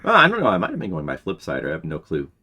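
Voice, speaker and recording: Talking very fast with wildly swooping pitch, this webcomic artist in his forties has a deep, bright, forceful voice. He draws on stream for patrons, reminiscing and answering chat in a rambling way full of restarts, faint music underneath.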